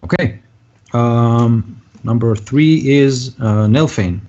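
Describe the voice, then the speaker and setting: A man's voice: mid-range voice, slow pace, mellow. A man running a tabletop game as game master, narrating hesitantly with many fillers. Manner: hesitant, lots of ums and uhs. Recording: dull lo-fi recording.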